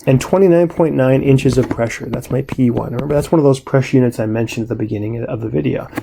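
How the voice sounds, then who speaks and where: Gravelly-voiced man teaching chemistry. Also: mid-range voice, fast talker, a little hiss or hum. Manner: relaxed, conversational explaining with frequent "right?" and "all right". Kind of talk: recorded classroom lecture.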